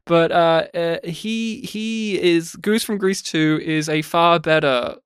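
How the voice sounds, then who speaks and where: A man co-hosting a film review podcast in casual chat, animated and digressive. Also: on the high side, clean tone, no room sound, studio quality. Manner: animated, digressive, acts out scenes in quick put-on voices. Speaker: podcast co-host.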